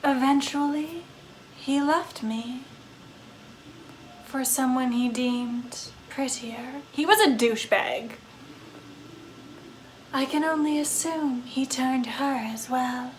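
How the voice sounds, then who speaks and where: A melancholy female vampire ghost, elegant and solemn, who speaks softly and very slowly, as a woman acts her out. The voice sits high, and a faint noise lingers behind it. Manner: soft, slow, solemn.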